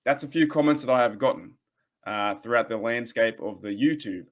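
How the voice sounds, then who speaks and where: A man's voice: medium pitch, normal speed. An Australian man in his thirties hosting a casual sports fan podcast, ranting in a rambling, heated way with frequent restarts. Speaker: podcast host.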